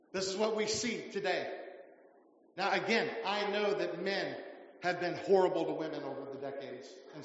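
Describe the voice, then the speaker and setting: A man's voice: high voice, a bit bright. A middle-aged man preaching a sermon as pastor, emphatic and repetitive, in a large church. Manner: emphatic preaching with repeated phrases. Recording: echoey hall sound, muffled.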